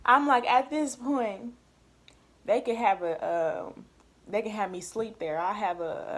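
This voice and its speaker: Chatty woman vlogger telling a story. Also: fairly low pitch. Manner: emphatic, lively retelling with quoted dialogue. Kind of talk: casual storytime chat.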